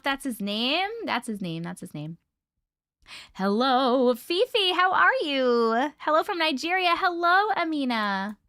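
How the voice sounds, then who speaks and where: Hosting a casual livestream, a woman chats and greets viewers by name, bubbly and ready to laugh. Her naturally high-pitched voice sounds a bit bright, recorded at studio quality with no room sound.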